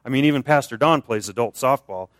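A male American preacher delivers a lively, conversational sermon with a middle-pitched voice. He jumps up high to make a point, then drops low and soft. The sound is dry and close, with little room echo. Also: quick pace. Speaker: guest preacher. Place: church.

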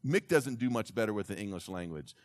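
A man telling a story to an audience in an animated way, slipping into character voices. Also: lowish voice, a little fast, no echo.

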